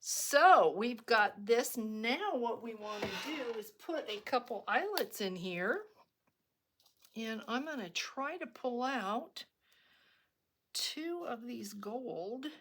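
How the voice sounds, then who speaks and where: A woman's voice: fairly high pitch, animated, slow pace, fairly bright tone, a little hiss or hum. A middle-aged woman hosting a casual craft tutorial, chatty and rambling, with frequent ums and restarts as she works. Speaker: crafting video host.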